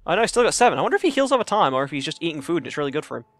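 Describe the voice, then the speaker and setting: A young man chatting casually and profanely while playing a game in his cramped bedroom, rambling and jokey, yelling in a panic when enemies attack. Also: on the high side, very animated, rapid-fire, dry recording. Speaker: let's play gamer. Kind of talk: casual gameplay commentary.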